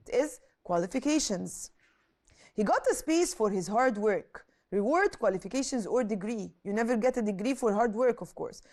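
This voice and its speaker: A woman explains an English lesson with a voice pitched a little high. Her pitch rises and falls in a very lively way. She poses questions and then answers them, adding quick Arabic translations. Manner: switches into Arabic to translate words. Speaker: English teacher.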